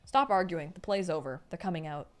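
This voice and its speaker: A woman's voice: fairly low pitch, a little fast, pitched below the performer's own voice, lightly acted. Woman reading as a dry, skeptical younger sister.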